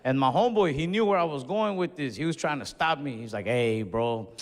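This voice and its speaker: A man's voice: on the high side, fast. A man telling a stand-up story on stage, acting out the people in it and laughing as he goes. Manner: animated, acts out other people in dialogue, laughs mid-story. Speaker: stand-up comedian. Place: comedy stage in a hall. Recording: live hall reverb, faint ambience.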